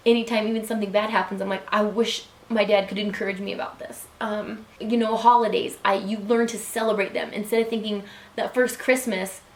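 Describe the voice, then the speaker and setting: A woman in her thirties talking earnestly in a personal vlog, soft-spoken, with frequent ums and likes. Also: fairly high pitch, echoey room. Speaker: beauty vlogger.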